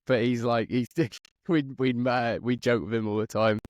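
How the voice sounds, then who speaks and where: A man's voice: mid-range voice, steady tone, moderate pace, a little mellow, no echo, dull audio. An English man hosting a podcast, chatting casually and calling everyone mate. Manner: friendly, calls everyone mate. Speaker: podcast host. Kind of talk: casual chat.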